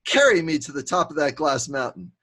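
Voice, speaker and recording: A man's voice: on the high side, sing-song, fairly quick, sharp tone, full character voice. A man voicing a bold young drummer hero in a spoken fable, cocky and unafraid. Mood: bargaining.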